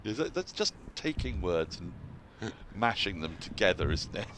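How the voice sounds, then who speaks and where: A man commentating on cricket, chatty and quick to laugh. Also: low voice, a little hiss or hum. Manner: chatty, laughs easily, animated. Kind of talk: radio-style cricket commentary.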